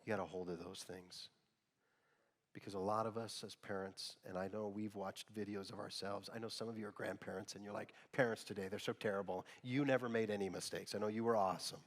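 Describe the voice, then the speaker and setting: A middle-aged man preaching a sermon as pastor, telling stories in an animated way. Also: on the low side, a little fast. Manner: storytelling, with loud bursts of laughter and mimicry. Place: church sanctuary. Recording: long reverb of a church hall.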